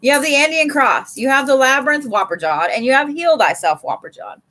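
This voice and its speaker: High, bright-voiced woman reading cards. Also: lively intonation, fairly quick. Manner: chatty, swears freely, laughs often. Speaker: live tarot reader. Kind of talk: casual live-stream card reading. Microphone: streaming setup.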